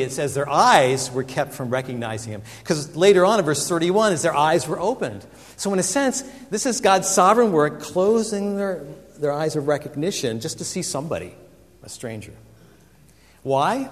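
A man preaching a sermon, animated and dramatic, acting out the voices he quotes. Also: on the high side, normal speed, big-room sound. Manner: animated, acts out quoted voices with big swings. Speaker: pastor.

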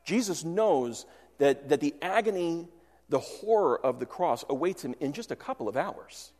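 Male pastor, earnest sermon delivery, higher voice, long reverb. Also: expressive, normal speed. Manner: earnest, swings from loud to hushed.

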